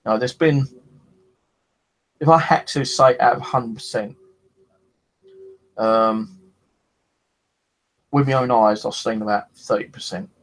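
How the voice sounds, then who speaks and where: A man with a mid-range voice talks at a measured pace with long pauses, captured on a rough recording. The paranormal investigator tells his stories in a rambling, laid-back way, cursing freely and plugging silences with "you know."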